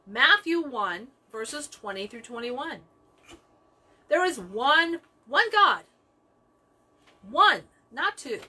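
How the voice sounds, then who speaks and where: A woman's voice: sits high, animated, slow, sharp tone, husky. A woman leading a Bible study, teaching with emphatic repetition of key phrases.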